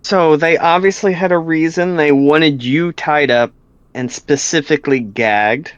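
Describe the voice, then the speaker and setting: A man's voice: a little high, a little slow, smooth, dry recording. A man playing a character in a tabletop game, laid-back, with a lot of fillers. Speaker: player. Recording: dry, dull lo-fi mic.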